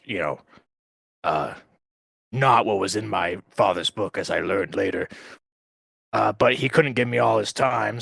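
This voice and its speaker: A man playing a halting young orc wanderer. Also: fairly low pitch, gravelly, a bit bright, husky, no room sound, full character voice. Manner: halting, repeats words, plain speech. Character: young male orc wanderer telling his past. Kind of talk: in-character backstory in a tabletop game.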